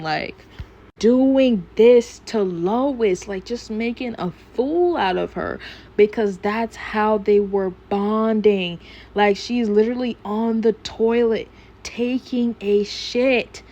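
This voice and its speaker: Brief: chatty woman vlogger, mid-pitched, rambling and profane, casual recap. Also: a little mellow. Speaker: YouTuber reviewing a cartoon episode.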